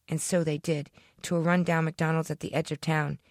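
A woman reading her own short story aloud in a deadpan storytelling manner, close to the microphone. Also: low voice, brisk, no room sound. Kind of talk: fiction reading.

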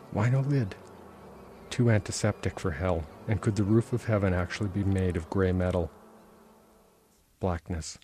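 A man, the author, reading aloud from his own novel in a measured, intense first-person narration. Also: low voice, darkish tone, slight background noise. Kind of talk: literary reading.

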